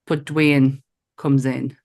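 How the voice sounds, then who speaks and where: A woman's voice: a bass voice, little pitch movement, slow pace, vocal fry, a little mellow. A woman co-hosting a casual film review podcast, blunt and giggly, and she swears freely. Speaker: podcast co-host.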